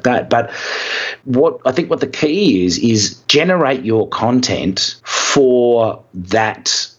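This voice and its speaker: A man co-hosting a podcast, explaining business ideas in a relaxed, casual way. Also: mid-range voice, slow, lo-fi sound. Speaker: podcast co-host.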